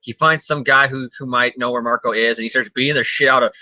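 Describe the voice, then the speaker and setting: A man's voice: medium pitch, steady tone, fast talker, sharp tone, no room sound. A man co-hosting a casual comic review chat, rambling, jokey and swearing often. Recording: dull lo-fi sound, dry.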